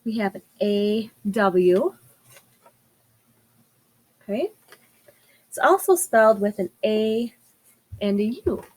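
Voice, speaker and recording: Woman, first grade teacher, unhurried and clear, sounds out phonics. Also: mid-range voice, expressive, a little mellow, rough recording. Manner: sounds out words slowly and clearly. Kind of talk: slow, patient phonics lesson for young children.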